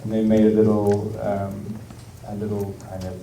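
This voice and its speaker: Man, English accent, low voice, halting speech, noisy hall recording. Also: monotone, gravelly, mellow, far from the mic. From England. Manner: hesitant, many ums, laughs often. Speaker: actor interviewed at a film Q&A. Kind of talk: casual stage Q&A. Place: large screening hall with audience. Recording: echoey hall, mic from afar, noise.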